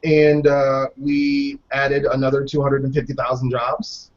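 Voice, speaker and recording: A man hosting a casual podcast, chatting about news with jokes and quick asides. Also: medium pitch, little pitch movement. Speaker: podcast host. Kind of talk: casual political chat. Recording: dull lo-fi podcast audio.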